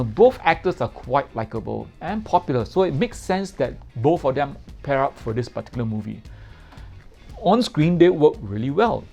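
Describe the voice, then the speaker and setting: A man's voice: mid-range voice, creaky, a little mellow. A man giving a casual spoken film review in a playful way, repeating words for comic effect.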